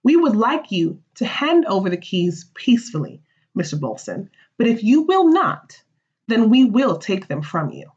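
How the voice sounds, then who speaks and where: A woman's voice: medium pitch, sing-song, normal speed, a little mellow, natural voice. A woman reading the part of a stern colonial woman confronting a merchant, in a slightly muffled recording.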